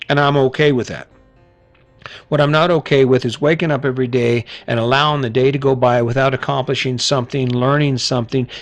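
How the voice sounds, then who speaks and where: Blunt middle-aged man giving a pep talk. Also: medium pitch. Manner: blunt, swears casually, asks rhetorical questions. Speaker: podcast host. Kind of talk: motivational monologue.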